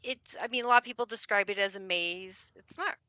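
A woman guest answering interview questions in a relaxed, wry, humorous way. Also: medium pitch, a little fast, dry recording. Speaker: bookstore owner, guest.

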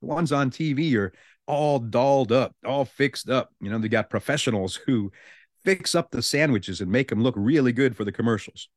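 A man's voice: mid-range voice, moderate pace, dry recording. A male radio show host, chatting casually on a studio mic and reading out the news with amused asides. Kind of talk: morning radio talk.

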